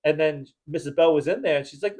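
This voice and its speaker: A man with a fairly high voice tells rambling stories on a casual podcast. He acts out the people in his anecdotes and breaks into loud laughter now and then. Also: fast talker. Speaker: podcast host. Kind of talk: casual storytelling chat.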